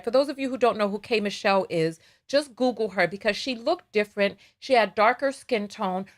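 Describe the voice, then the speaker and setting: A blunt woman with a strong New York accent rants on her livestream, cursing and tripping over her own restarts. Her voice sits a little high and carries a hard, fired-up edge. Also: fairly bright tone. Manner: fiery, blunt and swearing, with stumbling restarts. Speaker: livestream host. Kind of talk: ranting reaction livestream.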